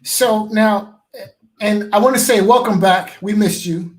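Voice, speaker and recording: A man joining a live boxing talk show as a pundit who lays out his argument step by step. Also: sits high. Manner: measured, builds a case step by step.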